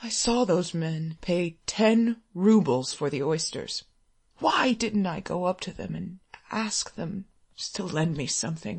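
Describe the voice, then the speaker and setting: A woman giving a dramatic reading of a classic short story, moving from loud cries to hushed whispers. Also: lowish voice, expressive, a little slow, gravelly, breathy edge. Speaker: reader.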